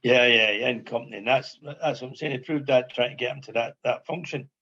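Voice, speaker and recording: A man's voice: mid-range voice, brisk, pushed and bright, lo-fi sound. An older man, a former footballer, reminiscing as a podcast guest in a rambling way, repeating phrases and asking "you know what I mean". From Scotland. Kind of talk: casual reminiscing chat.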